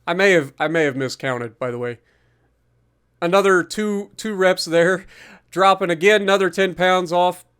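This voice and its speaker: A man's voice: high voice, moderate pace, fairly bright tone, clean tone. A man talking viewers through his gym workout in a chatty, upbeat voice-over. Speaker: fitness vlogger. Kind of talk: casual workout commentary voice-over.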